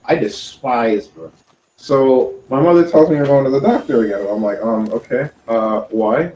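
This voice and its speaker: A man telling a childhood story in a rambling, halting way. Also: mid-range voice, a little mellow. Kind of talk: casual chat. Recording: distant dull echoey mic.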